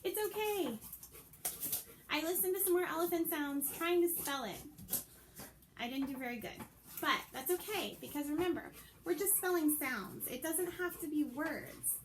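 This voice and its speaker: A woman teaching young children to sound out letters from her home, talking slowly in a sing-song teacher's voice. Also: sits high, animated, slight background noise. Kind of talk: remote phonics lesson for young children. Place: her home, with pets around.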